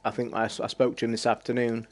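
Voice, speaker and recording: Speaking fast and in a monotone at medium pitch, this Derbyshire-born livestream host, who has an East Midlands accent, tells his stream viewers rambling stories. He swears a good deal and laughs often in the casual chat.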